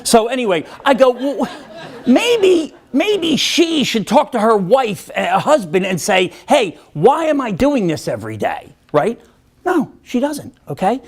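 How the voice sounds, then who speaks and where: A man speaking as a motivational speaker, spinning a comic anecdote in a storytelling keynote. His pitch swoops up and down as he acts out voices and pokes fun at himself. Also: slightly rough. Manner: animated, acts out voices, self-mocking humor.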